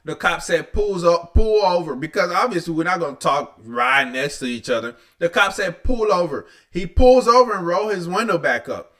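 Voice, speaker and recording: A man's voice: fairly high pitch, animated, moderate pace, sharp tone. A man hosting a reaction video, talking bluntly and with exasperation, with frequent swearing. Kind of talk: casual reaction commentary.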